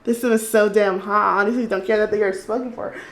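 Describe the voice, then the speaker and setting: A young woman chatting excitedly and swearing while commenting on a life-sim game. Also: mid-range voice, quick pace, reverberant, a little hiss or hum. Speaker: let's play host. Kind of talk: casual gameplay commentary.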